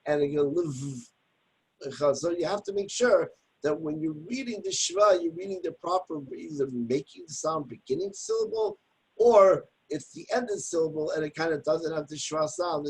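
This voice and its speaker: A man's voice: fairly high pitch, husky, rough recording. A man teaching a daily text study lesson, reading Hebrew passages and then explaining them plainly in English, sounding out pronunciation examples. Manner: demonstrates pronunciation aloud with examples. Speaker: Torah teacher.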